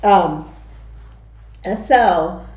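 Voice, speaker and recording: Middle-aged woman vlogging, slow drawn-out storytelling, mellow voice, kinda muffled echoey room. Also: on the low side. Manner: animated, slow and drawn-out when telling stories. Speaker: mukbang vlogger. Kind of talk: casual storytelling.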